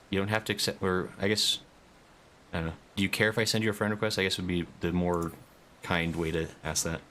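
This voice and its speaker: A man's voice: fairly low pitch, a bit bright, a little hiss or hum. A man streaming a game, chatting casually and reading chat messages aloud. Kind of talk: casual live-stream commentary.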